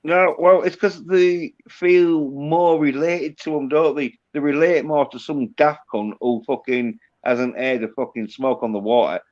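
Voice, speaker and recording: A man with a Yorkshire accent talks in a crude, sweary, rambling way, like a loose chat between friends. His voice sits a little high. The recording sounds dull and lo-fi. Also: fairly even intonation, unhurried, few pauses, darkish tone. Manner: crude, swears a lot, drawls. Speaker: host. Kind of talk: casual banter.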